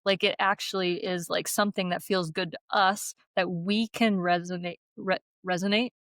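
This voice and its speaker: A woman's voice: lowish voice, steady tone, moderate pace, a bit bright, no echo. A young adult woman co-hosting a podcast in casual chat, candid and swearing freely. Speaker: podcast co-host.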